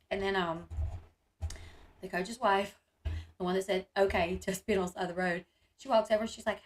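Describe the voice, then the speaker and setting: A woman's voice: medium pitch, animated, moderate pace, long pauses, a bit bright. A woman, telling viewers a rambling family story, full of fillers and quoted dialogue. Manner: chatty, rambling, many fillers and quoted speech.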